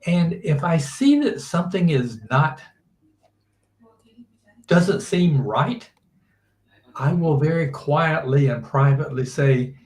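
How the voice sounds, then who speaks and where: An older man, a teacher, giving measured interview answers and often restarting his sentences. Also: a little high, lively intonation, a little mellow, echoey room. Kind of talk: slow thoughtful interview answers.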